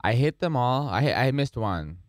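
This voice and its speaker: A man's voice: medium pitch, expressive, normal speed, dry recording, studio quality. A male comedian chatting as a podcast guest, joking and teasing himself. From San Diego area, USA. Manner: joking, self-mocking. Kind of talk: casual podcast chat.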